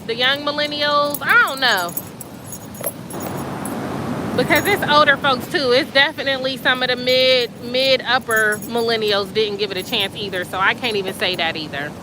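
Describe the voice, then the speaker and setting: A woman hosting a casual live stream outdoors by the sea at night, chatting and reading comments in an excitable, slangy way. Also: a little high, moderate pace. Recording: outdoor phone audio with surf and wind noise. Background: waves and wind.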